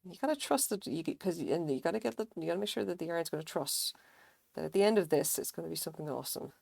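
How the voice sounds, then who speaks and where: A woman's voice: fairly low pitch, lively intonation, quick pace, vocal fry, darkish tone, dry recording, studio quality. A woman livestreaming her crochet work, chatting casually, swearing now and then, and muttering pattern notes to herself. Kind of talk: casual live-stream chat while crocheting.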